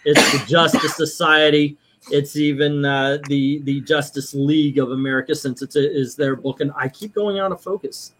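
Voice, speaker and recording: A man's voice: fairly high pitch, fairly even intonation, moderate pace, background noise. A man hosting a casual comic book read-along livestream, joking, laughing often and rambling with fillers.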